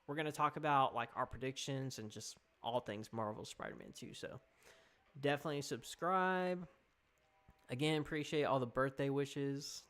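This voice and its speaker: A man's voice: medium pitch, normal speed, fairly bright tone. Chatty young man streaming. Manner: chatty, rambling, reading chat aloud. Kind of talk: casual live-stream chat.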